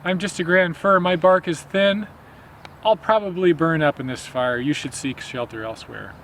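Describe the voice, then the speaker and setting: A man voicing a grand fir tree who gently apologizes in a told folk tale. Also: on the high side, normal speed, slight background noise. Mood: apologetic.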